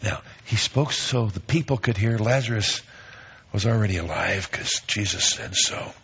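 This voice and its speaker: A man preaching a sermon, reading scripture aloud and stressing key phrases with lively emphasis. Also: lowish voice, moderate pace, slightly rough, highs cut off. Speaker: pastor.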